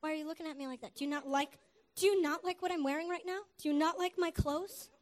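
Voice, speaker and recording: A woman's voice: high-pitched, fairly even intonation, fast talker, lightly acted. A woman voicing a panicked, bewildered male pharmacist who rambles anxiously and questions himself.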